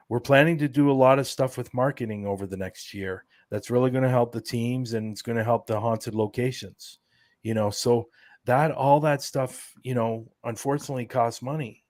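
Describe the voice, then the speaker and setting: A man's voice: medium pitch, dry recording, clean studio sound. A man explaining plans as a guest in a casual podcast interview, rambling with plenty of fillers. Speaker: guest, event organizer.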